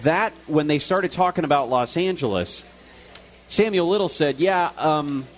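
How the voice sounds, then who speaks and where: A man's voice: on the high side, expressive, normal speed, faint music behind. A male radio co-host talking live from a restaurant, retelling a news story in a loose, conversational way with fillers and restarts.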